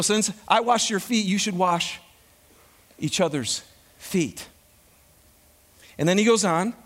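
A male pastor preaching a sermon in an animated way, throwing questions out to the congregation. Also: high-pitched.

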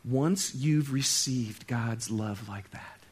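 A male pastor preaching a sermon, talking straight to his congregation and swinging between loud exclaiming and soft, hushed stretches. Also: mid-range voice, slow, breathy edge. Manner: conversational, talks straight to the congregation.

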